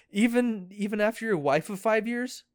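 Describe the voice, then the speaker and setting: A young man co-hosting a podcast, spinning a long profane hypothetical between fits of laughter and sudden shouts. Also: high voice, a little slow, no room sound, clean studio sound. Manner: rambling, profane, laughing storyteller who shouts when interrupted. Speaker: podcast co-host. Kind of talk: casual chat.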